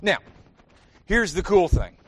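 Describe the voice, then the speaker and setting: Southern man, pastor, higher-pitched voice, folksy sermon delivery with direct questions to the pews. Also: big pitch swings, slow pace, breathy edge. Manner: folksy, addresses congregation with questions and "y'all".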